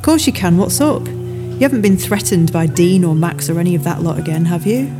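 A woman's voice: on the low side, animated, fairly quick, music in the background, natural voice. A woman reading an audiobook, voicing a blunt, teasing adult woman who tells stories. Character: brash chatty adult woman storyteller. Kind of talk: audiobook character voice.

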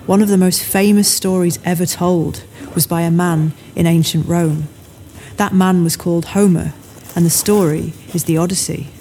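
Woman doing a mouthy gal telling a yarn, lowish mellow voice. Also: a little hiss or hum, lightly acted. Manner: blunt, swearing, teasing. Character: brash chatty adult woman storyteller. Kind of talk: audiobook character voice.

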